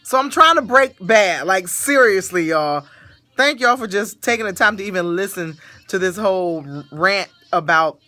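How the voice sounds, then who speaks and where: A woman hosting a casual podcast, telling a story in an animated way and laughing often. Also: mid-range voice, normal speed, no room sound, faint music behind. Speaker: podcast host.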